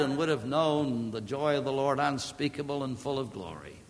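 A man preaching a sermon emphatically, swelling to loud declamation and dropping back low. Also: animated, moderate pace, few pauses, in a large hall.

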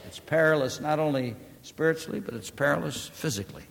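A man's voice: quick pace, gravelly, hardly any pauses. Emphatic preacher man in reverberant hall. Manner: emphatic, rising to loud declamation then dropping low. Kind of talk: sermon.

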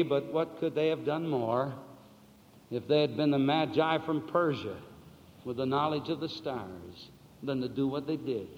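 A man preaching a sermon, swinging between soft, low passages and loud, drawn-out words, and asking the listeners questions he answers himself. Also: a little hiss or hum. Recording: dull, lo-fi sound with long hall reverb.

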